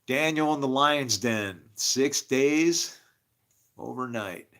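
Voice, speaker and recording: A man delivering a rambling religious monologue, swinging from low mumbles to shouting and laughing to himself. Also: slow pace.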